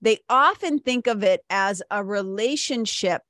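A middle-aged woman hosts her podcast in a relaxed, chatty way. She laughs easily and swears now and then. Her voice swings widely in pitch over a dry, close sound. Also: a little slow, no room sound. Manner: animated, laughs often, swears casually. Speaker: podcast host and spiritual mentor. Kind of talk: casual solo podcast talk.

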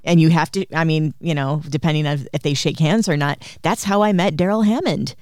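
Midwestern comic guy chatting on a podcast, kinda high smooth voice. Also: fairly quick, no room sound, studio quality. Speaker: comedian, podcast co-host. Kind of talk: casual chat.

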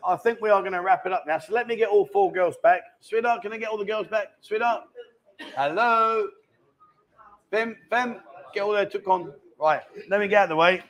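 Male live-stream host, chatty joker, slightly higher voice, bar setting. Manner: chatty and jokey, reads out viewer questions. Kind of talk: casual live-stream chat. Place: indoor bar.

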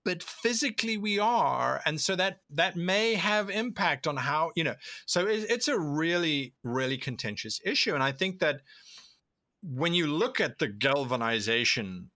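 A man being interviewed as a tabletop role-play video creator, explaining at length in an animated way and acting out the thoughts he quotes. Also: on the high side, moderate pace, dry recording, clean studio sound. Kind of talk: conversational interview answers.

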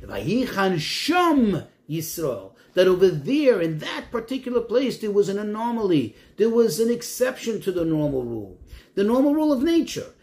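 A man's voice: sits high, fairly quick. A man, a rabbi, teaching a Torah lesson, posing questions and quoting Hebrew verses before translating them. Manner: animated, rising and falling emphasis.

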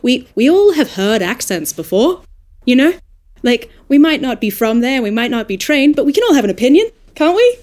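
Australian woman, narrator guest on a panel, fairly high voice, thinks aloud and warms up as she argues. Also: normal speed. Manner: thoughtful, animated when making a point. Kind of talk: casual roundtable discussion.

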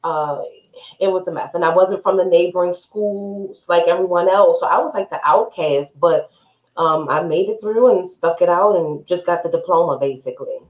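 A woman guest on a podcast telling her story candidly, pausing often with "um". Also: fairly low pitch, phone-quality sound. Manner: candid storyteller, frequent "um" pauses. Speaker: guest, accountant and entrepreneur. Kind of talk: casual interview chat. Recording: echoey room.

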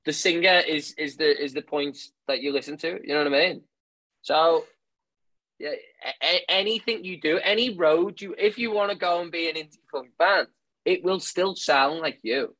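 A man talks as the interviewer in a relaxed chat. His voice sits fairly high for a man. He rambles loosely and leans on fillers as he works through his thoughts. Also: moderate pace, low-quality recording. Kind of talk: casual chat.

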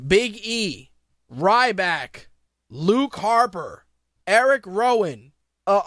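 A man's voice: very high-pitched, a bit bright, dry recording, studio quality. A man hosting a podcast, ranting profanely and sarcastically in opinionated wrestling talk. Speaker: podcast host.

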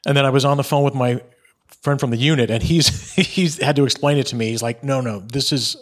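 A man hosts a casual podcast interview and chimes in with his own memories. He talks in a relaxed, low-key way into a podcast microphone. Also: fast. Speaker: podcast host.

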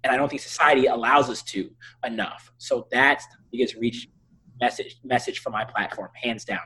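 Husky-voiced man telling stories. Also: mid-range voice, normal speed, poor audio. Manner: earnest, animated storytelling with frequent restarts. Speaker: physician and interview guest. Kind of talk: casual interview conversation.

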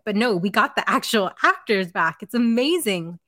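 Young woman co-host, excited chatter with lots of fillers, dry close mic. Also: mid-range voice, normal speed, no room sound. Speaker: podcast co-host. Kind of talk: casual chat.

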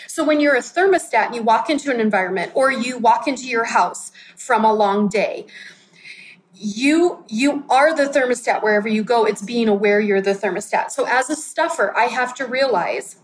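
A woman's voice: on the high side, moderate pace, poor audio. A woman in her forties giving a candid, conversational sermon and acting out her own quotes. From United States. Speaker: pastor.

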